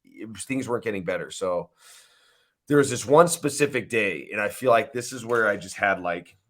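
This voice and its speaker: Deep-voiced guy in his 30s, interview guest, stops and restarts a lot, emotional. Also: fairly bright tone. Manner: halting, restarts often, emotional. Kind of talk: candid personal storytelling.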